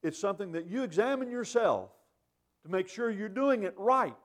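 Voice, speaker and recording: A man's voice: high-pitched, animated, normal speed. A man giving a plainspoken, earnest communion meditation, repeating his points for emphasis. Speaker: lay speaker at communion.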